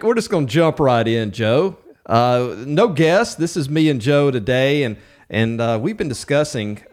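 A man co-hosting a business podcast, chatting casually in a joking, animated way. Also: on the high side. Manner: animated, jokey, with filler restarts. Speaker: podcast co-host. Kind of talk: casual chat.

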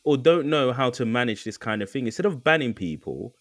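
A young man chats on a podcast, quick to laugh and slip into mocking voices. His pitch swings widely as he talks. The sound is dry and close to the mic. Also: no room sound. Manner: animated, laughs often, mimics voices. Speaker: podcast co-host. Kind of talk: casual chat.

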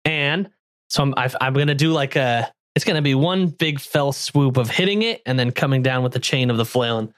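A man's voice: medium pitch, fairly quick, no room sound, clean studio sound. A man playing a tabletop game, describing his character's moves with gusto. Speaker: player. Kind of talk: casual tabletop game play.

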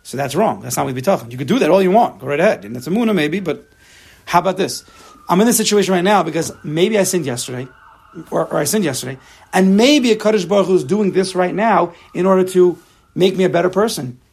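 Gravelly, husky man teaching a class. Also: high-pitched, animated, fast, a little mellow. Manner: emphatic, acts out imagined inner voices. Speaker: teacher of a religious text class. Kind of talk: Torah class lecture, explaining a text to students.

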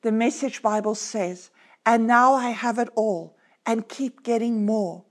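A woman pastor, preaching a podcast sermon and reading scripture in an earnest, emphatic way that slows down to stress words. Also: on the high side.

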